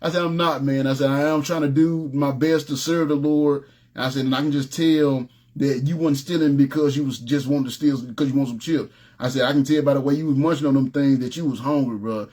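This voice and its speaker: A man preaching an informal sermon, telling stories in a relaxed, streetwise way and often asking "you know what I'm saying". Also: mid-range voice, fairly quick. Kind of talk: conversational sermon with storytelling.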